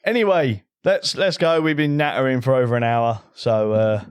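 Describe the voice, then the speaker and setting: A man's voice: mid-range voice, moderate pace, clean tone, no room sound. A man hosting a board game podcast, chatting casually, joking and laughing often. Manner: jokey, laughs often, lively ups and downs. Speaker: podcast host. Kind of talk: casual chat.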